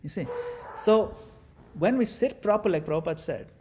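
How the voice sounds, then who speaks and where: High-voiced man teaching a devotional class. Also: normal speed. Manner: animated, demonstrative, playful asides. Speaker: spiritual teacher.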